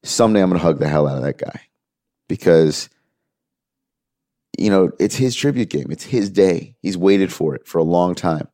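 Interview guest: man, very low voice, earnest and animated storyteller, dry close sound. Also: moderate pace, long pauses, dry recording. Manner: earnest, animated retelling with quoted dialogue. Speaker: music manager, interview guest.

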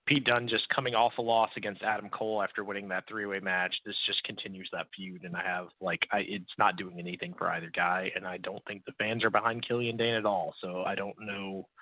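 A man's voice: lowish voice, dry recording. A man co-hosting a podcast, giving frank, opinionated takes in casual chat with some swearing. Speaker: podcast co-host. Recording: tinny phone-like audio, dry.

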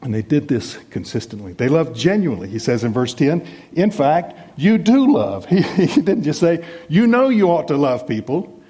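Speaking at a normal pace with a slightly rough, somewhat high voice, a middle-aged U.S. pastor gives a sermon. He keeps it conversational and self-deprecating, punctuated by lively emphasis.

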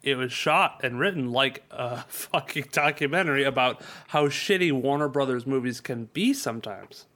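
Exasperated, swearing podcast co-host. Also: male voice, mid-range voice, moderate pace, hardly any pauses, pushed and bright. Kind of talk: casual comedic chat.

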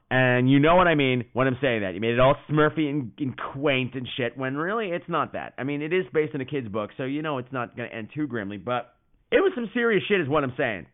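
A man hosting a podcast, telling stories in a profane, animated way. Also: on the high side. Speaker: podcast host. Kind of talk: casual comedic monologue. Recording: tinny phone-like sound.

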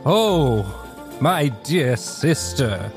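A man voicing a vain, theatrical young gentleman who speaks in a grand, drawn-out way. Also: medium pitch, big pitch swings, over music, exaggerated voice. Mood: delighted.

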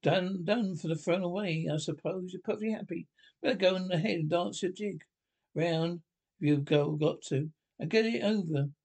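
A man's voice: sits high, moderate pace, gravelly, a little mellow. A man voicing a peevish, literal-minded male mole in a storybook reading. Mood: grumbling. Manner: peevish and complaining.

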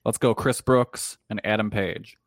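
A man's voice: fairly low pitch, steady tone, measured pace, dry recording, clean studio sound. Upbeat man on a podcast call. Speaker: podcast panelist. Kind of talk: casual podcast chat.

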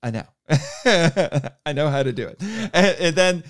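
Male podcast co-host from Indiana, higher voice, animated teller of stories. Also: takes it slowly, no room sound, studio quality. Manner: animated storyteller, laughs often, acts out quotes. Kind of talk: casual chat.

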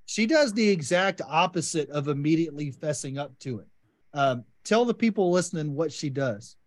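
A man's voice: a little high, lively intonation, normal speed. A man hosting a podcast, enthusiastically discussing a short story and guiding the talk with questions. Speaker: podcast host. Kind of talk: casual literary discussion.

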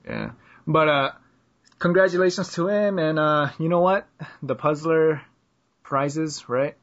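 A man's voice: fairly high pitch, big pitch swings, measured pace, fairly bright tone. A young man hosting a podcast, chatting loosely and joking around with his co-host. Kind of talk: casual chat. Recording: slightly muffled lo-fi audio.

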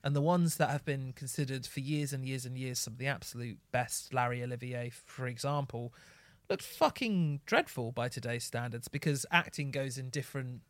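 A man's voice: medium pitch, moderate pace, no room sound. Reflective man, dry close sound. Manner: reflective, explains with asides and fillers. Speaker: podcast co-host. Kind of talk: casual chat.

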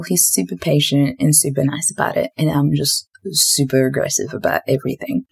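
A young woman hosts her own podcast and tells a story in a relaxed, chatty way. Her voice sits low, and she talks with plenty of fillers and a flair for the dramatic. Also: a little fast, vocal fry, husky. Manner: chatty, filler-heavy, self-described dramatic. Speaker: podcast host. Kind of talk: casual storytelling.

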